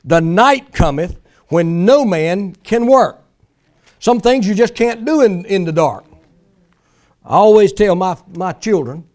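A male pastor preaching a sermon in a folksy, emphatic way, mimicking pleading prayers for effect. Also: high-pitched.

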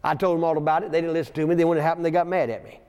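A man with a slightly high, clear, resonant and a little mellow voice races along with little pitch movement. He preaches a folksy sermon in a church sanctuary, telling stories with chuckling asides and reading scripture aloud, with long church reverb on the recording.

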